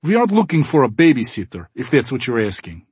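A man doing a brisk young gamer. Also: mid-range voice, sing-song, darkish tone, breathy edge, no echo. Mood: urgent.

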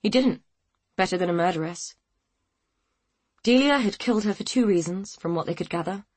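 A woman reading a novel aloud in a measured, even storytelling manner. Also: medium pitch, slightly rough, no room sound. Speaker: audiobook narrator. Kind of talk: scripted narration.

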